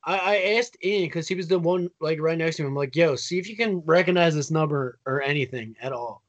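A man's voice: on the high side, a little fast. A man co-hosting a casual podcast over a call, rambling easily with lots of filler words. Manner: laid-back, rambling with many "like"s. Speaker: podcast co-host. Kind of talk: casual chat.

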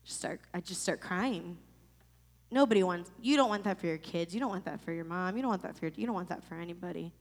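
A woman in her thirties from Florida telling a personal testimony in an emotional, halting way with many restarts. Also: on the low side. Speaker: storyteller sharing a personal testimony. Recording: long reverb.

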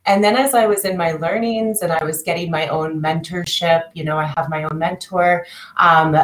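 A woman's voice: fairly low pitch, fairly even intonation, normal speed, fairly bright tone. Chatty woman in an echoey room. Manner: chatty, many restarts, acts out quoted voices. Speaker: guest, coach working with clients. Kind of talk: podcast interview, personal storytelling.

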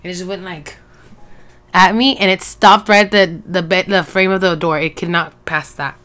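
A woman co-hosts a podcast from Mexico, telling stories in casual chat, switching between English and Spanish and swearing a lot. Her voice is fairly low, fairly bright and clean, with fairly even intonation at a moderate pace.

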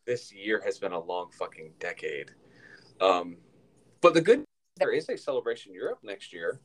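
Chatty low-voiced man co-hosting a podcast. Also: big pitch swings, normal speed, poor audio. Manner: rambling, chatty, lots of fillers and restarts. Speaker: podcast co-host. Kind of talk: casual podcast chat.

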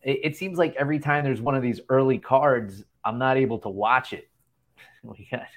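A man's voice: mid-range voice, normal speed. A man in his thirties hosting a casual chat show from a hotel room, rambling and laughing often. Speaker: podcast host.

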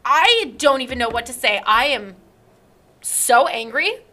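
A woman's voice: high voice, very animated, unhurried, background noise. A young woman hosting a casual chat, telling an indignant story and acting out text messages.

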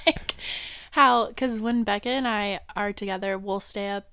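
A young woman in casual chat, telling lively stories and mimicking the people in them. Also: mid-range voice, measured pace, clean tone, no echo. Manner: animated storyteller, mimics people.

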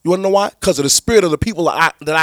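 A man's voice: a little high, rapid-fire, no room sound. A man, a pastor, teaching church leaders in a preaching style, emphatic and repetitive with many restarts.

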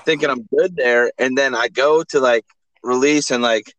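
A man's voice: medium pitch, fairly even intonation, moderate pace, a bit bright, slight background noise, rough recording. A man co-hosting a podcast, telling crude stories in a joking, slangy way. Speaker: podcast co-host. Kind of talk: casual chat.

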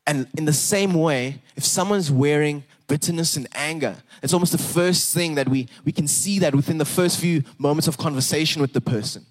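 A young man preaching a sermon, earnest and animated, repeating words and rising for emphasis. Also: fairly high pitch, fairly quick, few pauses. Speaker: pastor.

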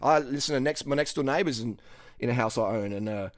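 A middle-aged coach from Western Australia delivers a casual monologue to camera, talking fast in a mid-range voice. He's blunt and profane, often tacking on "okay?", and the audio is studio quality with no echo.

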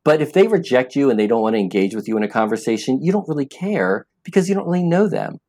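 A man's voice: medium pitch, sing-song, quick pace, dark tone. Earnest man explaining with emphasis. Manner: earnest, emphatic, repeats words when starting sentences. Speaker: app founder, guest. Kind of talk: interview conversation.

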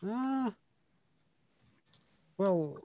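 Guy a bit higher voiced, kinda unsure, keeps trailing off, muffled lo-fi sound. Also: lively intonation, warm tone, dry recording. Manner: hesitant, halting. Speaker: player. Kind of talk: casual tabletop game discussion.

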